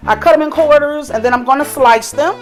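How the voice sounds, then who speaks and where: A woman's voice: high voice, fairly quick. A middle-aged woman hosting a casual cooking vlog in her home kitchen, chatty and teasing, talking to viewers as y'all. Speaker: cooking show host. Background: music and family chatter.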